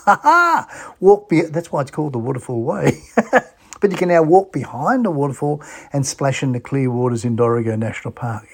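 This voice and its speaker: An Australian man hosts a travel radio show with a husky, breathy edge to his voice. His pitch sits in an ordinary middle range. He talks with bubbly enthusiasm and keeps asking the listener rhetorical questions. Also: a little mellow. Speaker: radio host. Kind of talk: chatty travel radio talk.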